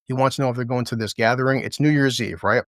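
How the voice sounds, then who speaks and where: Brief: male reviewer, mid-pitched, crude and sarcastic, dry close sound, casual rant. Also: steady tone, fairly bright tone, no room sound. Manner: impersonates characters in quick asides. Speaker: TV show reviewer.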